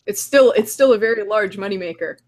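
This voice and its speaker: A woman's voice: mid-range voice, brisk, darkish tone. A Canadian woman hosting a casual group chat, teasing and laughing often.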